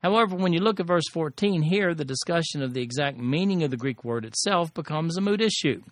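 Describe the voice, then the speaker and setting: A man reading scripture aloud and then teaching on it, with measured, deliberate delivery and emphatic stresses. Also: a little high, animated, no echo. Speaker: Bible teacher.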